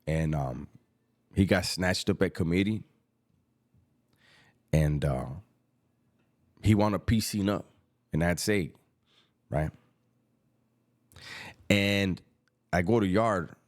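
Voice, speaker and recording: Deep-voiced man telling stories. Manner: street slang, unhurried and reflective, quotes others in a lowered voice. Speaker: former prisoner telling his story. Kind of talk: casual storytelling.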